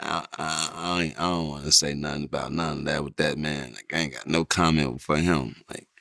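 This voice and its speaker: A rapper from Chicago talking bluntly and profanely in a casual interview, telling stories with laughs. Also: male voice, rumbling low, fairly even intonation, fairly quick, vocal fry, a bit bright, no room sound, studio quality.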